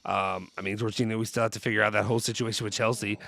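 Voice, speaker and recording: Rambling man with a gravelly voice. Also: fairly low pitch, little pitch movement, very fast, a bit bright, slight background noise. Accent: Kentucky. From Louisville, Kentucky. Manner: rambling, many fillers and restarts, goes off on tangents. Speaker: podcast co-host. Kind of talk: casual football chat. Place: home basement studio.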